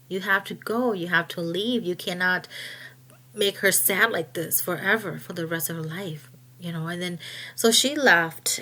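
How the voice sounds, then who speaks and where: A woman recounts a personal testimony at an unhurried, deliberate pace. Her voice sits at an ordinary pitch. She often stops and restarts and goes soft and hushed when the story turns painful. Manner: halting, with many restarts and trailing fillers. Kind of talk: personal testimony, casual retelling.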